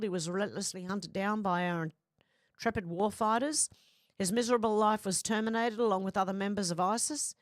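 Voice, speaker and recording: A woman's voice: mid-range voice, dry recording, clean studio sound. A blunt, chatty woman hosting a livestream, reading out viewer comments and swearing freely. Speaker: host.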